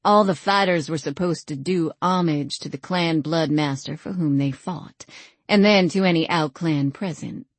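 A woman reading a first-person novel aloud as an audiobook narrator, in a measured, dry storytelling manner. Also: sits low, dry recording.

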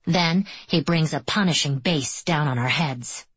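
Husky low-voiced woman narrating. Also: a little slow, no echo, highs cut off. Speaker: audiobook narrator. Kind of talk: first-person scripted narration.

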